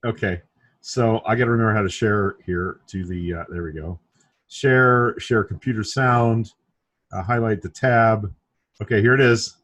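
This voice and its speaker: A relaxed man with a fairly low voice co-hosts a casual online chat, telling stories with an easy, joking manner. The sound is dry and close, with no room in it. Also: moderate pace, no room sound.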